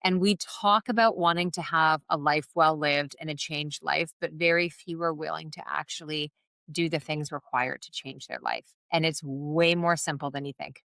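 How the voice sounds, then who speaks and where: A woman speaking as a podcast guest, her voice sitting a little low. She talks earnestly and encouragingly, loose and conversational, with plenty of "like" and "you know". The sound is close and dry, with no room around it. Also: steady tone, normal speed, vocal fry, fairly bright tone, dry recording. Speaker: podcast guest, wellness business founder. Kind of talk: conversational interview.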